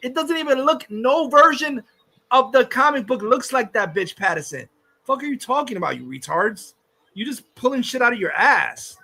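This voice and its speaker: A man's voice: very high voice, expressive, normal speed, creaky, bright, forceful tone. A man hosting a livestream, ranting casually in a heated, profane, insulting way. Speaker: livestream host.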